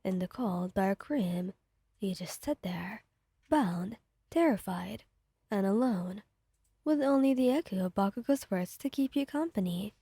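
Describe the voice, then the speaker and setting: Breathy woman narrating a whispered role-play. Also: medium pitch, expressive, a little slow, dry recording. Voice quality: soft and hushed, often whispering. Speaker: ASMR storyteller.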